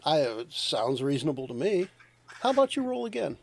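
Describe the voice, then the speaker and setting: Man as a chatty game master, slightly high. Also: brisk, vocal fry. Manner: relaxed, laughing, thinks aloud while checking rules. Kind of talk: running a tabletop game online.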